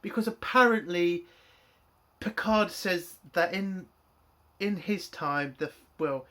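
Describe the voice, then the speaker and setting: A man's voice: high-pitched, slow pace, fairly bright tone. A man reviewing a TV episode in an angry, profane rant. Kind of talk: spoken TV review.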